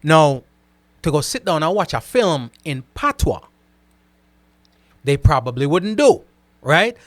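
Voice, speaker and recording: A man hosting a casual live stream. He reads out viewer comments and answers them in an animated way, often repeating himself and checking in with "right?". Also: on the high side, takes it slowly, no room sound. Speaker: host reading live chat comments.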